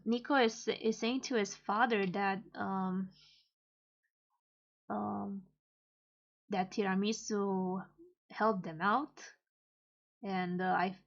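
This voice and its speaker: A woman casually reading and translating a comic aloud, halting and hesitant with many pauses and fillers. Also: mid-range voice, creaky, lo-fi sound. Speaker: manga reader and translator.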